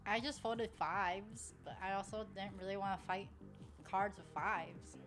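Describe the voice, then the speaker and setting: A woman's voice: mid-range voice, unhurried, over music. A young woman streamer chatting casually while playing online poker, rambling, swearing freely and laughing often.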